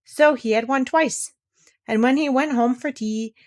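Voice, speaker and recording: A woman reading a children's storybook aloud, gentle and expressive. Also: high-pitched, unhurried.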